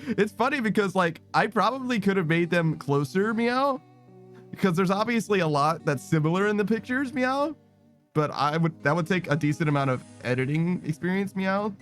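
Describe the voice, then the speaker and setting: A young man streaming a game, chatting casually and rambling, ending nearly every phrase with a quick "meow" and swearing now and then. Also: sits high, fairly bright tone, faint music behind. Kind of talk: casual gaming stream chat.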